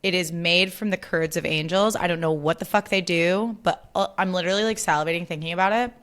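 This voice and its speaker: A woman's voice: lowish voice, fast talker, a bit bright. Young woman host, bubbly chatty delivery, casual swearing, solo podcast chat.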